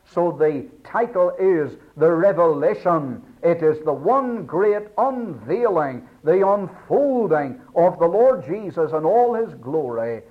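A man preaching a sermon in an earnest, emphatic way, rising in pitch to stress his points. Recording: dull lo-fi radio sound.

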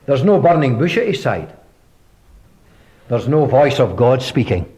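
A man preaching a sermon in an emphatic way, asking rhetorical questions and dropping from loud lines to hushed ones. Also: medium pitch, sing-song, unhurried.

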